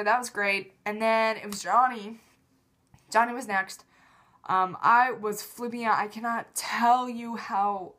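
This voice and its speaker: A woman's voice: mid-range voice, a bit bright. A woman talking in a rambling, emotional, self-critical way in a casual confessional vlog. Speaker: vlogger.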